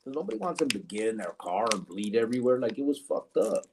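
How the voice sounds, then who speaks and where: A man's voice: medium pitch, big pitch swings, quick pace, noisy background. A man, hosting a live podcast, telling prison stories loosely with lots of swearing and laughter, and reading chat comments aloud. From Arizona, USA. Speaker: podcast host. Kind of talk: casual storytelling chat.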